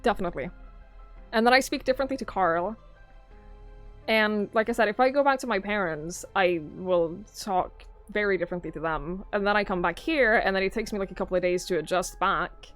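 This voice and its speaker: A woman's voice: mid-range voice, a little fast, soft background music. A young Norwegian woman with a Norwegian accent in English, chatting casually with her live-stream viewers and reading their messages aloud. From Norway. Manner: chatty, musing aloud, swears casually, reads chat aloud. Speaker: game streamer.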